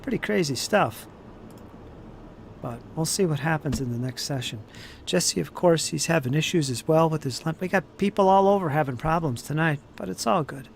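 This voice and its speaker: Man, game master, tired, relaxed joking chat, slightly high voice, faint hiss. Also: normal speed, gravelly. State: tired from no sleep. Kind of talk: post-session wrap-up chat.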